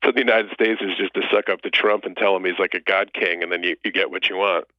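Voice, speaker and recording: Low-voiced man on a muffled call. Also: fast talker, no room sound. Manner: animated, sarcastic, laughs while talking. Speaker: podcast guest. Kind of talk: casual chat.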